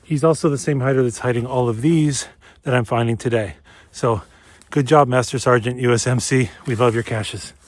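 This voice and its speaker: A man's voice: medium pitch, fairly even intonation, moderate pace. A man from Minnesota narrating a casual geocaching vlog outdoors on a winter trail, chatty and enthusiastic, talking straight to his viewers. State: slightly out of breath while walking fast. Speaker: geocaching vlogger.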